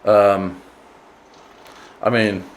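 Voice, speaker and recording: A man co-hosting a podcast, talking in a relaxed, agreeable way with frequent asides. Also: fairly low pitch, drawn-out words, slight background noise. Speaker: podcast co-host. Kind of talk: casual chat.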